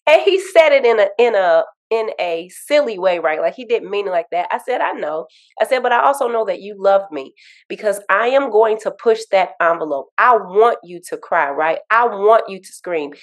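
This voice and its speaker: Earnest, animated woman coach. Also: mid-range voice, normal speed. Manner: earnest, animated storytelling with affirming repetitions. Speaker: grief coach. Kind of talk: interview conversation.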